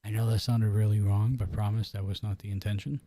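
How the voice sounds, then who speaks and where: A man co-hosting a wrestling review podcast, teasing his partner and reading shout-outs and match lineups. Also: fairly low pitch, little pitch movement, fairly quick, a little hiss or hum. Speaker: podcast co-host. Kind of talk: casual wrestling review chat.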